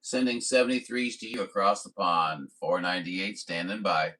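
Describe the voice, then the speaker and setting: Deep-voiced guy from missouri on the cb, folksy rambling chat, bright forceful tone. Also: moderate pace, low-quality recording. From Missouri, USA. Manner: folksy, rambling, friendly banter with radio jargon. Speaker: CB radio operator and streamer. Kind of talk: radio contact chat.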